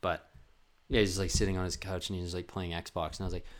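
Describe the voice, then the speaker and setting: Male vlogger, fairly low voice, loose and profane, rambles through comic anecdotes and jumps up in pitch for quoted lines. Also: fairly quick. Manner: animated, profane, full of "like" fillers. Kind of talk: rambling comedic storytelling.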